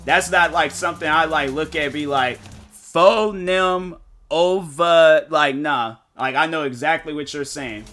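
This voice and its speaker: Bright-voiced man chatting on stream. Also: on the high side, steady tone, normal speed, hardly any pauses. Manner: rambling, thinking aloud with many restarts. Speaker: gaming streamer. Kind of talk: casual chat with viewers while streaming.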